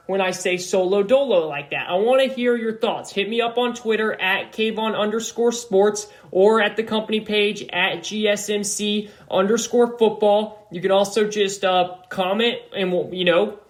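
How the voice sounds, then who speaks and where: Loud, rambling young man hosting a podcast. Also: high-pitched. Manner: loud, animated and rambling, with many restarts. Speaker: podcast host. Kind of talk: solo sports podcast talk. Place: apartment room.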